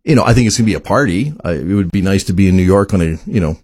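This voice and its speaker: A man in casual sports chat, animated and quick to laugh. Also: low voice, slightly rough, dry recording, studio quality. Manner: animated, laughs easily, acts out players' voices.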